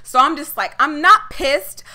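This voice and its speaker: A young woman co-hosting a podcast, telling a story in a casual, animated way, laughing often and swearing freely. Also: high-pitched, a little slow. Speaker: podcast co-host.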